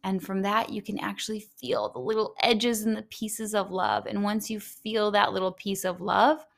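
Woman coach doing a self-help talk, gentle and earnest, talking right to you. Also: medium pitch, moderate pace, gravelly. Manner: gentle, earnest, speaks straight to the listener.

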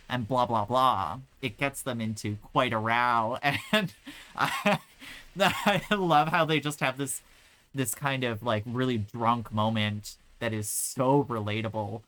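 A woman co-hosting a podcast who recaps a film in casual chat, telling it in an animated way, acting out quotes and laughing often. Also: a bass voice, slow pace, poor audio. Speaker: podcast co-host.

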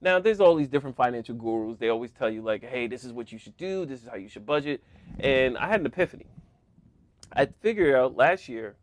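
A man's voice: medium pitch, lively intonation, a little fast, a little hiss or hum. A man co-hosting a casual podcast, joking around and laughing often as he talks. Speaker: podcast co-host. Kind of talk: casual chat.

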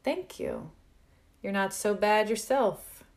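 A sharp young college man with a teasing, slightly defensive edge, as a woman reads him aloud. He speaks in a raised, lively voice, taking his words slowly and deliberately. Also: mid-range voice, voice pushed up. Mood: playful. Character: poised, quick-witted young male college student.

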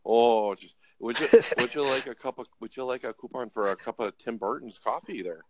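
A man's voice: mid-range voice, fairly quick, crowd noise, lightly acted. A man voicing an overly polite male Canadian police officer who fumbles apologetically, in a put-on Canadian accent. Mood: apologetic. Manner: apologetic and fumbling, full of gee and jeez.

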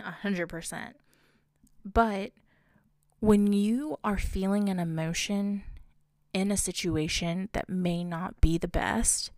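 A woman's voice: fairly low pitch, vocal fry, darkish tone, no room sound, clean studio sound. A young woman talking through her own experiences in a casual, reflective monologue, often asking rhetorical questions. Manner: conversational, asks rhetorical questions.

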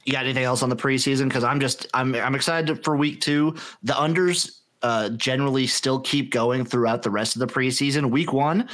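A man co-hosting a sports podcast, hyped and profane as he fires off quick opinions. His voice sits at an ordinary middle pitch. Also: fairly even intonation, fairly bright tone. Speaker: podcast co-host. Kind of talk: casual sports chat.

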